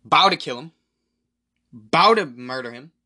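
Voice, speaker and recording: A man hosting a solo podcast, rambling excitedly and profanely through a movie recap. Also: fairly high pitch, a little slow. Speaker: podcast host.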